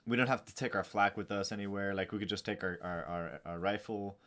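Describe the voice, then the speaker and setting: A man's voice: lowish voice, fairly even intonation, brisk, fairly bright tone. A man hosting a podcast interview and chatting casually as a fellow veteran, rambling and swearing freely. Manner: loose, profane, rambling storytelling.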